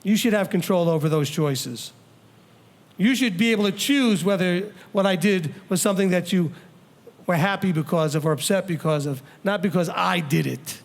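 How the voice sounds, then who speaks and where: High-voiced man teaching a congregation. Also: normal speed, creaky. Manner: animated, acts out quoted people and questions the audience. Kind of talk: conversational teaching talk.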